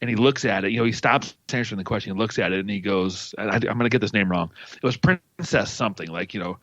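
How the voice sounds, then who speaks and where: A man with a low voice tells stories with eager enthusiasm on a podcast. The recording is dry and a little muffled. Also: quick pace, dry recording. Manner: enthusiastic storyteller, animated. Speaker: podcast guest. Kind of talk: casual podcast chat. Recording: dull, dry lo-fi audio.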